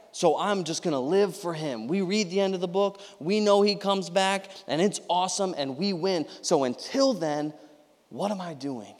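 A young man preaching a sermon as a pastor, chatty and energetic, often checking in with "you know what I mean, right?". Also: sits high. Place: church sanctuary. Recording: long hall reverb.

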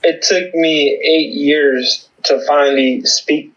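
A man speaking as an interview guest in halting, repetitive casual talk. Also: a little high, steady tone, fairly bright tone, muffled recording. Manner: halting, repeats himself, many "like" fillers. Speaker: interview guest, former church member. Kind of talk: casual conversation.

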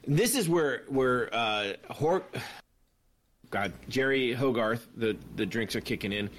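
A man's voice: mid-range voice, takes it slowly. A man co-hosting a casual podcast, swearing and laughing as he tells stories. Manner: profane, laughing, animated storytelling. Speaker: podcast co-host. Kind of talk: casual chat.

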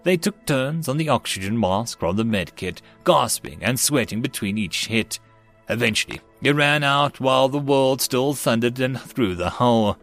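A man reading a military sci-fi web novel as an audiobook, in a steady, even way. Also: medium pitch, normal speed, soft background music. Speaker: audiobook narrator. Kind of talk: audiobook narration.

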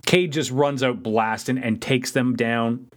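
A man co-hosting a podcast, recapping a movie in casual chat, sarcastic and animated. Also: medium pitch, measured pace, a little hiss or hum. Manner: sarcastic, animated, mocking impressions. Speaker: podcast co-host.

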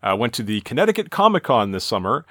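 A man of middle pitch with a lively, swinging voice, easing into a casual anecdote during a film chat. The recording is dry and close, with no echo around him. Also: quick pace. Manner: relaxed, chatty anecdotes, short agreeing replies.

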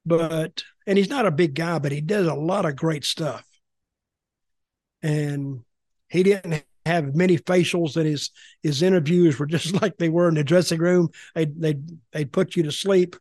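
Man, older, rambling, blunt, repeats himself, fairly high voice, dry close sound. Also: unhurried, a little mellow, no room sound. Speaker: podcast guest, former wrestling executive. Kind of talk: casual storytelling chat.

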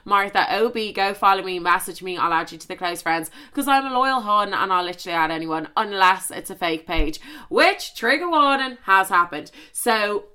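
A young woman hosts her podcast in a casual, gossipy chat. Her voice is bright and forward. She leans into dramatic emphasis and fires off rapid asides. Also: mid-range voice, lively intonation, smooth. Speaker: podcast host.

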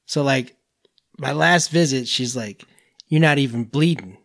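Man, mid-pitched, casual crude banter, teasing. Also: measured pace, fairly bright tone, no echo, studio quality. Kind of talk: casual chat.

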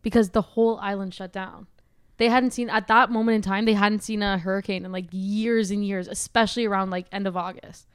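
A young woman's voice, smooth and clear, recorded close and dry with no room sound. She chats casually and rambles through a story, dropping "like" into nearly every phrase. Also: mid-range voice, fairly even intonation, brisk, no room sound. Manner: rambling storyteller, filler-heavy "like". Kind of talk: casual chat.

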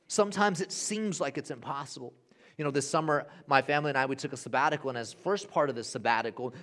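A Honduran pastor in his thirties, with a fairly high-pitched voice, preaches a sermon full of animated storytelling that moves between hushed and loud.

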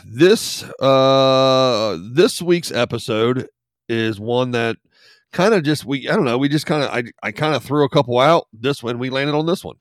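A male podcast co-host with a head cold, sounding nasal and gravelly, chatting casually and rambling a little. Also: mid-range voice, moderate pace, dry recording, studio quality. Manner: rambling, restarts, self-deprecating. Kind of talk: casual chat.

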